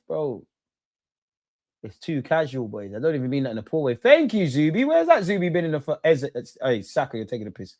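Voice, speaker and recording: A man hosting a live football watchalong, reacting excitedly, swearing and talking to his chat and the players. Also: a little high, brisk, no echo.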